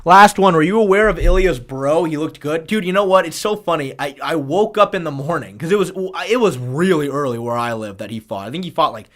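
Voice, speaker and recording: A man's voice: fairly high pitch, animated, brisk, hardly any pauses. A man chatting casually on a live stream, rambling, swearing freely and thanking viewers.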